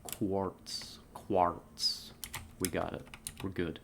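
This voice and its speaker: A woman's voice: extremely low pitch, level tone, drawn-out words, vocal fry, noisy background. A woman from California streaming a game, chatting with viewers in a laid-back, giggly way on a headset mic. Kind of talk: casual live-stream chat.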